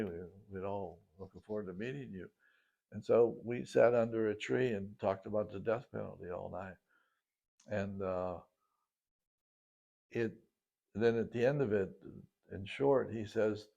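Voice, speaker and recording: Low gravelly man, halting reminiscence. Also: fairly even intonation, darkish tone, lo-fi sound. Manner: halting, with many restarts and fillers. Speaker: storyteller recounting his life. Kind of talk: casual spoken reminiscence.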